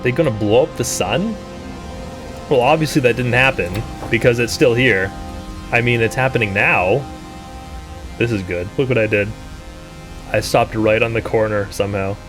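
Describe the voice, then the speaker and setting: A man streaming a game live, thinking aloud and breaking into startled, high-pitched exclamations. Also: moderate pace, pauses often, music in the background. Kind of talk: live gameplay commentary.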